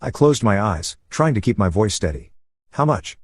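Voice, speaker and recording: A man narrating a first-person story in an even, steady voice over gameplay. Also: lowish voice, normal speed, slightly rough, dry recording, clean studio sound.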